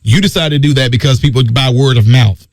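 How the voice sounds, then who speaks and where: A man's voice: mid-range voice, fairly quick, dry recording, clean studio sound. A man hosting a talk radio show, delivering an emphatic, preachy monologue and repeating his key phrases.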